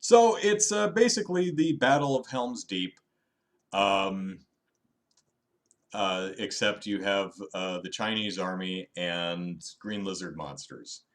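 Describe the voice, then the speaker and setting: Male host, low voice, offhand live-stream review, wry, self-deprecating, animated in spurts. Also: takes it slowly. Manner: frequent restarts and fillers, animated bursts.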